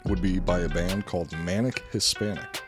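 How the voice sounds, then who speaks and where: A man's voice: low voice, steady tone, moderate pace, music in the background. A man co-hosting a casual podcast, loose and profane, reading history notes between jokes. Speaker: podcast co-host.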